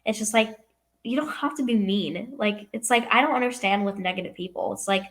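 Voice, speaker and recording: Chatty young actress, lots of "like". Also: female voice, mid-range voice, a little fast. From California. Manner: youthful, heavy use of "like" and "um". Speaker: actress guest. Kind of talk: casual interview answers.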